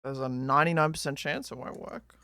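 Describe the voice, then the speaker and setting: A woman's voice: low-pitched, steady tone, fairly quick, bright, forceful tone, no room sound, studio quality. A woman streamer in live stream banter, sarcastic, swearing and laughing often.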